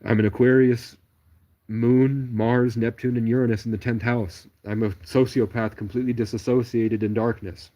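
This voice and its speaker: This man's voice sits in the mid-range, warm and level, at a moderate pace. Alone on his livestream, he rambles from one tangent to the next, spinning loose, digressive stories.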